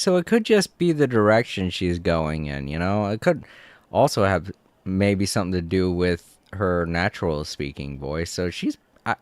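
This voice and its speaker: A man's voice: on the low side, smooth, no room sound. A man streaming a video game, giving casual, rambling commentary and laughing often.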